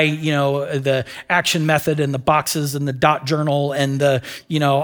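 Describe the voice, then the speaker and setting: A man preaching a sermon, animated at times and dropping to a hushed near-whisper to drive points home. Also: fairly high pitch. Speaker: pastor.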